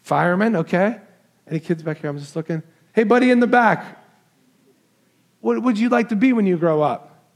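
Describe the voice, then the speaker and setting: A pastor with a high, expressive voice preaches a Christmas sermon at normal speed, with long pauses. Warm and conversational, he walks into the crowd and asks the children in the congregation questions.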